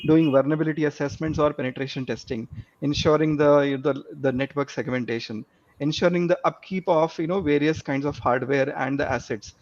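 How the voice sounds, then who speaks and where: A man's voice: fairly high pitch, darkish tone. Man with a muffled lo-fi call line. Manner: fluent, filler-heavy with frequent "you know". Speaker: panelist. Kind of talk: panel discussion.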